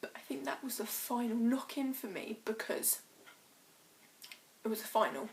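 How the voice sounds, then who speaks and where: A teenage girl, talking emotionally in a personal vlog, halting and earnest, choked up and close to tears. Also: a little high, whispered. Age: teens. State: choked up, tearful. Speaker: vlogger.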